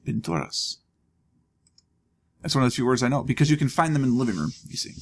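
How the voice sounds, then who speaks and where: A man's voice: mid-range voice, steady tone, racing. A man hosting a let's play, casually thinking aloud with wry asides as he plays. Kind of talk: casual gameplay commentary.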